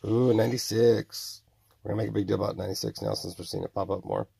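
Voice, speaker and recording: A man's voice: low voice, big pitch swings, vocal fry, darkish tone, a little hiss or hum. A man in his forties rambling to himself in a self-recorded monologue, mumbling and stretching out his exclamations. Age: 40s. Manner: mumbling, drawn-out exclamations, voicing imagined tormentors.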